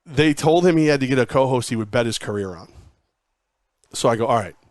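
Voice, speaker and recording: A man's voice: mid-range voice, brisk, darkish tone, dry recording. A man in his forties, a former sports radio host, telling rambling anecdotes and acting out quoted dialogue in a casual interview.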